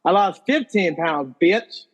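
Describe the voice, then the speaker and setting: Fairly high-voiced male co-host, playful anecdotes, lo-fi sound. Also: expressive, takes it slowly, a little hiss or hum. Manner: playful, laughing, storytelling. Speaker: podcast co-host. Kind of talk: casual comedic chat.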